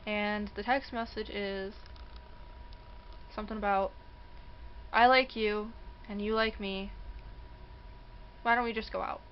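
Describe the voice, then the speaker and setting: Animated young woman telling a story. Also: mid-range voice, slow, pauses often, highs cut off, a little hiss or hum. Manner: animated, acts out quoted voices, laughs often. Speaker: vlogger. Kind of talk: casual storytelling. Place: indoors near a passing train.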